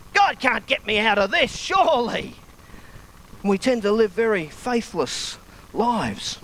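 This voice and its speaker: A man's voice: very high-pitched, a bit bright, a little hiss or hum, rough recording. A man, a pastor, preaching a sermon and reading scripture aloud with expression.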